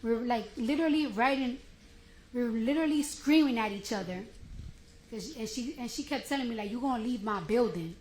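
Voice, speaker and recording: Woman on the witness stand, animated casual retelling, voice a touch high, roomy courtroom sound. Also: a little fast. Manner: animated retelling, acting out both sides of the argument; casual slang-heavy speech. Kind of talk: courtroom testimony. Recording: echoey courtroom audio, faint hiss.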